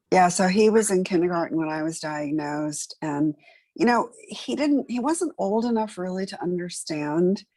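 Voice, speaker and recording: A woman's voice: lowish voice, a little mellow, no room sound. A middle-aged woman telling her personal story as an interview guest, earnest and conversational with many fillers. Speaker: interview guest, patient advocate.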